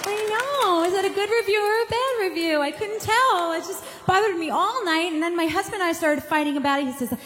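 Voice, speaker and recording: A woman from Long Island with a Long Island accent, a singer telling a comic anecdote to an audience, lively and self-mocking with chatty asides. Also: very high-pitched, fairly quick, hardly any pauses, in a large hall, a little hiss or hum. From Long Island, New York.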